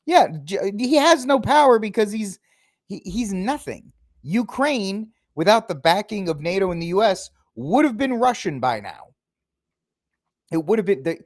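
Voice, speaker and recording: Podcast host, male, fairly high voice, opinionated and mocking, dry close sound. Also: no echo. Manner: opinionated, mocking, acts out impressions of politicians. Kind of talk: casual political commentary.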